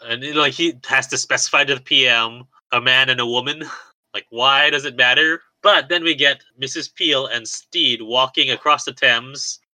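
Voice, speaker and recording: A man's voice: mid-range voice, steady tone, normal speed, sharp tone, no echo, rough recording. A man co-hosting a podcast, casually recapping a film plot with lots of fillers. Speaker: podcast co-host. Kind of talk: casual movie recap chat.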